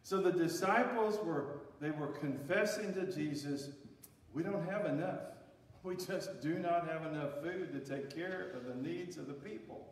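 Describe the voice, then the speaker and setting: A male pastor delivers a sermon, pushing his voice up for emphasis and then dropping low. His fairly high voice is picked up from a distance. It rings through a large, reverberant sanctuary with a long tail. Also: unhurried, slight background noise. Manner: preaching with emphatic rises and drops. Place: church sanctuary. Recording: echoey hall, voice from far off.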